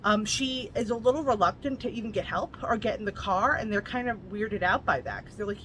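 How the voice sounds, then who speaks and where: A woman's voice: medium pitch, fairly quick, fairly bright tone, a little hiss or hum, rough recording. A woman casually recapping and reviewing a novel, chatty, with lots of "like" and blunt asides. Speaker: book reviewer.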